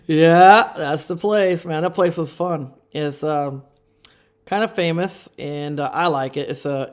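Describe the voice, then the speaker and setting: Chuckling man hosting a casual live stream. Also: fairly high pitch. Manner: rambling, chuckling, sarcastic asides. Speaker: livestream host.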